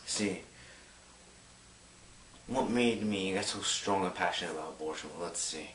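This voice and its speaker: A young man talking to camera in a rambling, excited way, full of filler words. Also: sits low, a little slow, a little hiss or hum. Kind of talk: casual monologue to camera. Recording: roomy, distant mic.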